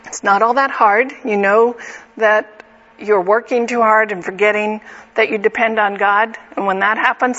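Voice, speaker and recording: A middle-aged woman teaches a Bible study in an earnest, conversational way, often turning to her listeners with direct questions. Her voice sits at an ordinary pitch for a woman. The recording is slightly dull and lo-fi. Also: fairly even intonation, normal speed, fairly bright tone.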